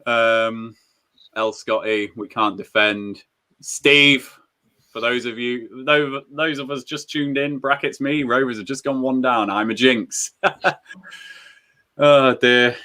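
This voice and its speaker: Bright-voiced man hosting a football watchalong. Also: mid-range voice, slow pace. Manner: reads out viewer comments, frustrated and animated. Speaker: football fan watchalong host. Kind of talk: casual live watchalong chat.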